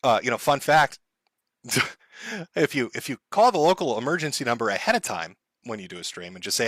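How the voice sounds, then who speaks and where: A male streamer talks casually to his chat, sarcastic and quick to swear, with laughs breaking in. His voice is bright and a little high, and it swings widely in pitch. The sound is close and dry. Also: huge pitch swings, no room sound.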